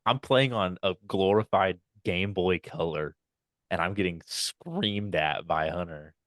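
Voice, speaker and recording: A young man co-hosting a casual podcast, telling animated stories and acting out quotes in high loud voices. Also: unhurried, dry recording, clean studio sound. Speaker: podcast co-host. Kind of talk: casual chat.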